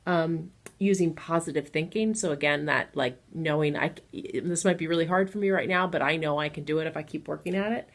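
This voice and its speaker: A woman with a notably low voice talks parents through helping their children, casual and unscripted. She sounds earnest and encouraging, middle-aged, and keeps coming back to specific examples. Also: fairly quick, few pauses. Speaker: children's educator advising parents. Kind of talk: casual advice talk to parents.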